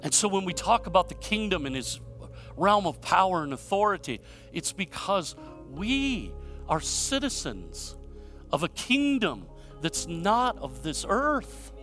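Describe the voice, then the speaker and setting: A man from Michigan preaching a sermon, telling stories and asking rhetorical questions, swinging between loud emphasis and hushed moments. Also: sits high, very animated, measured pace, soft background music. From Michigan, USA. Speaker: pastor.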